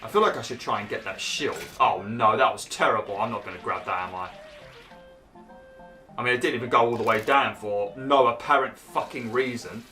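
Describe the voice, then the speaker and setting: A man's voice: a little fast, pushed and bright, soft background music. A young man commentating on his own gameplay in a chatty way, swearing and yelping when frustrated. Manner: bursts into high exclaims when annoyed. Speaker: gaming YouTuber. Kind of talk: Let's Play commentary.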